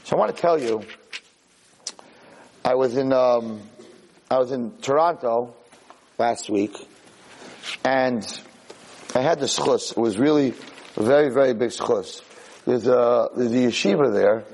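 A man's voice: medium pitch, takes it slowly, long pauses, darkish tone, breathy edge, rough recording. A man teaching a sermon on the weekly Torah portion, telling the story animatedly and mixing in Hebrew terms. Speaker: rabbi lecturer.

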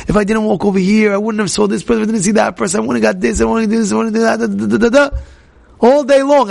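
Man teaching a casual Torah class, high gravelly voice, animated, repeats himself, quizzes the room. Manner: animated, repetitive, questions the audience directly. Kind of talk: informal Torah class talk to a live group.

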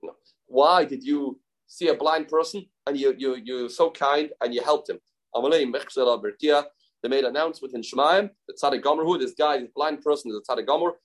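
A man's voice: medium pitch, fairly quick, rough recording. A man teaching a daily Talmud class, reading Aramaic lines and retelling the story in casual English, acting out the dialogue.

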